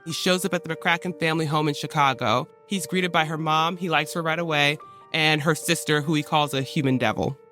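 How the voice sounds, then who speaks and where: A man with a bright, forceful, fairly high voice tells a historical story as a casual podcast chat. He slips into modern slang and quick acted-out lines for the people in the story. Faint music sits behind him. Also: steady tone. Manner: retells history in modern slang, briefly acting out quoted characters. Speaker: podcast host.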